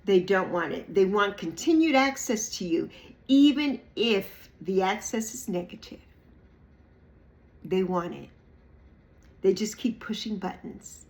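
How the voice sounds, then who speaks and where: A woman in her early sixties, a YouTube creator, gives a reflective monologue to camera in a mid-range, darkish voice that is animated yet unhurried, with long pauses. She is emphatic and repeats phrases, sometimes mocking people in playful put-on voices.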